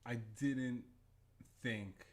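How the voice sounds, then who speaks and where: A man co-hosting a casual podcast with his wife, playful and teasing, getting excitable. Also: mid-range voice, extremely slow, slight background noise. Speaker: podcast co-host. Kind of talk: casual couple's podcast chat.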